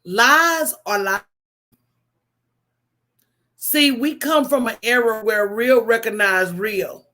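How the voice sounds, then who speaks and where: A woman hosting a casual livestream, telling stories in an animated, preachy way with call-and-response asides to her viewers. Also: on the high side, takes it slowly, pauses often. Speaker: host.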